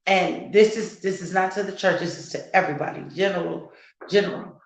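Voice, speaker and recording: A woman's voice: on the low side, fairly quick, reverberant, poor audio. A woman co-hosting a casual heart-to-heart talk as a mother, earnest and growing fervent and preachy, repeating words for emphasis. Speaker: co-host, mother.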